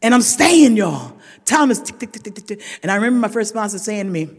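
A woman speaking at a recovery meeting, telling her story with blunt humor and lively voices for the people she quotes. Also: mid-range voice, fast. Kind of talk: personal recovery testimony. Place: large meeting hall. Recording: reverberant hall with long echo.

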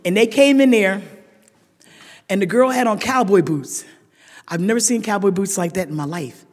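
A woman's voice: medium pitch, moderate pace. Older woman telling a story, echoey hall. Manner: lively storyteller, laughs often, rises to shouted emphasis. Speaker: speaker sharing a recovery story. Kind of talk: humorous testimony to a meeting.

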